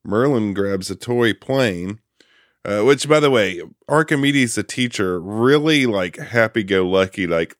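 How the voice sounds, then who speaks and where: A man hosting a casual podcast, retelling a film's plot with lively delivery and quick quoted voices. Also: fairly low pitch, dry recording, clean studio sound. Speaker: podcast host recapping a film.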